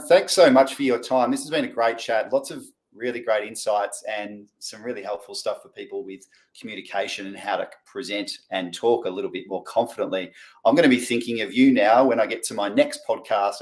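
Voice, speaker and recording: Relaxed, low-voiced male podcast host. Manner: relaxed, casual, hesitant restarts. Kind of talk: podcast interview.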